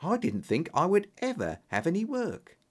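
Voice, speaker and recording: A man's voice: high-pitched, wildly swooping pitch, normal speed, voice pushed up, full character voice. A man voicing a polite young engineer. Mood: earnest. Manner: earnest, polite storytelling. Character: young male engineer telling his tale, polite.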